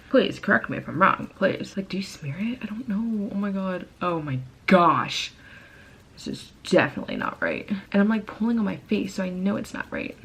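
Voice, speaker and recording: A young American beauty vlogger chats through a makeup tutorial on her home camera, rambling, giggling, poking fun at herself, and saying "like" constantly. Her voice is lowish, with a little hiss or hum in the recording.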